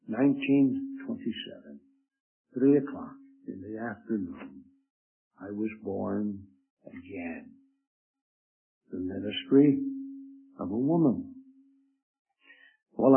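Older man, gravelly, tinny phone-like sound. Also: lowish voice. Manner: earnest, measured storytelling. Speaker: preacher giving his testimony. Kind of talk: spoken testimony.

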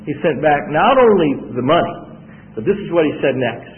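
Animated Southern US preacher. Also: male voice, a little high, moderate pace. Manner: animated storytelling, frequent restarts. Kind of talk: sermon. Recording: echoey hall, tinny phone-like sound.

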